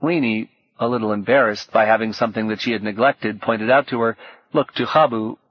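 A man reading a novel aloud in a soft, measured, low-key manner. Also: steady tone, no echo, dull audio. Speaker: audiobook narrator. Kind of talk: scripted narration.

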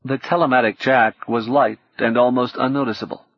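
A man reading an audiobook in steady, measured scripted narration. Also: medium pitch, dry recording, dull audio.

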